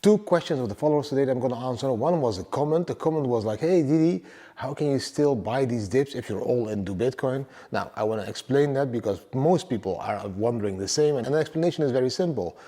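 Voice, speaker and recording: Upbeat man with a mellow voice. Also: medium pitch, animated, fast talker, few pauses, big-room sound. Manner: enthusiastic, repeats "guys" and "for example". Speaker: crypto YouTuber. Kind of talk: casual monologue with trading and travel tips.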